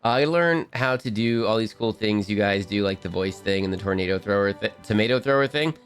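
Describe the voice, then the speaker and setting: A man's voice: fairly low pitch, fairly quick, clear, resonant tone. Bubbly, rambling male streamer. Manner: rambly and bubbly, restarts a lot. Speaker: game streamer. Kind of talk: casual live stream chat.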